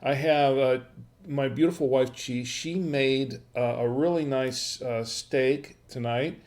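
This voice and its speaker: A man hosting a casual wine livestream from home, talking straight to his viewers. He rambles in a friendly, chatty way, with plenty of "uh"s and restarts. His voice sits at an ordinary middle pitch. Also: steady tone, slow pace, a little mellow. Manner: rambling, frequent fillers and restarts. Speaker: wine review livestream host. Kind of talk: casual live-stream chat.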